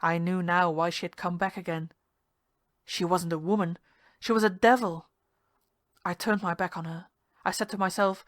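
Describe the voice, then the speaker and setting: A woman narrating a ghost story in a measured, hushed storytelling manner. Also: lowish voice, steady tone, dry recording. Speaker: story reader.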